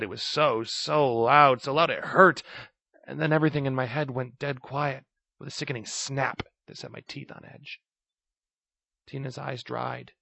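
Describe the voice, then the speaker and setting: A man reading a first-person story aloud, raising his voice to act out the shouted lines. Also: mid-range voice, vocal fry, husky, no echo. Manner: acts out shouted lines of dialogue. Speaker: narrator. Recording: dry, slightly dull recording.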